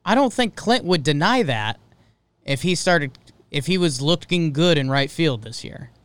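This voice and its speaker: New guy cohosting a sports podcast, smooth voice, lots of ums and restarts. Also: a little high, lively intonation, a little slow, dry recording. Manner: rambling, hesitant, many fillers and restarts. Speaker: podcast co-host. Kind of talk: casual sports podcast chat.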